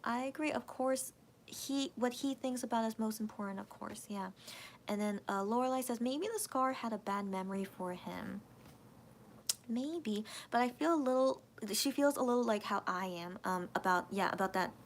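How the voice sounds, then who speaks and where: Hosting a relaxed late-night livestream, a woman with a slightly high voice reads out viewer comments and thinks aloud, hesitating and restarting often. She's emotional, voice cracking as if close to tears, at a moderate pace over slight background noise.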